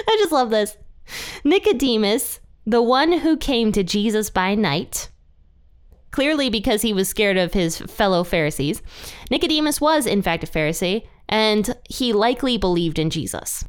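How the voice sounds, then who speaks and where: A young woman hosting a podcast, teaching a Bible passage in a chatty, animated way. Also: medium pitch. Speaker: podcast host. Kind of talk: casual Bible study teaching.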